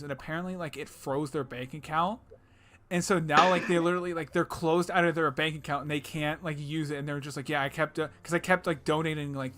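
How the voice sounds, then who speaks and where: Young male podcast co-host, crisp bright tone, slightly high, loose and profane banter. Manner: jokey, loose, swears and puts on silly voices. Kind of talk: casual chat.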